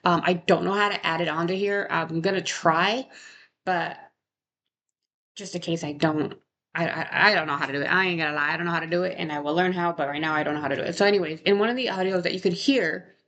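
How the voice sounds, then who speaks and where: A woman's voice: fairly low pitch, steady tone, quick pace, fairly bright tone. A young woman casually talking through a true crime case, rambling and correcting herself, with frequent rhetorical questions. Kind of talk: casual chat.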